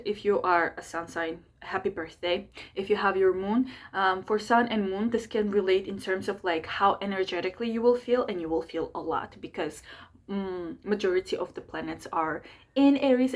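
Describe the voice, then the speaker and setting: A young woman astrologer and channel host, talking fast and energetically in a chatty monthly horoscope video, with many fillers. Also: mid-range voice. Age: young adult. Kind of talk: fast casual monthly horoscope talk to camera.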